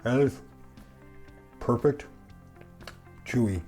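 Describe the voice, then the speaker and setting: This cooking channel host's medium-pitched voice is warm, and he draws out his words, with soft music underneath. On his casual home vlog he bakes and eats, chewing as he talks, joking and chatting to himself.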